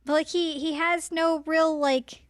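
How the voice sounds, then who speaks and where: A woman's voice: extremely high pitch, fairly even intonation, unhurried, no echo, studio quality. Chatty woman, self-deprecating. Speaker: podcast co-host. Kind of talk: casual chat.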